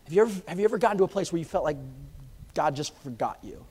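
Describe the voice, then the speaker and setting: A man preaching a sermon, swinging from hushed, intimate lines to impassioned near-shouting. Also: a little high, expressive, fast, husky. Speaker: pastor. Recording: long reverb of a large hall.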